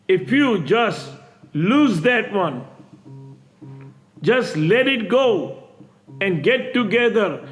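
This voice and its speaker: A man in his sixties preaching in a monologue to his viewers, emphatic and repetitive, with halting restarts. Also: high-pitched. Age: 60s. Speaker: self-proclaimed messiah addressing viewers.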